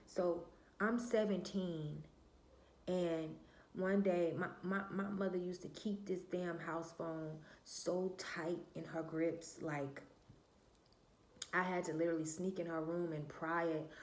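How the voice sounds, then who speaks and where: A woman's voice: fairly low pitch, fairly even intonation, slow pace, a little mellow, reverberant. A woman vlogger telling a personal story in a casual, candid monologue, swearing freely and talking straight to her viewers. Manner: emphatic, repeats herself and trails off with "da, da, da".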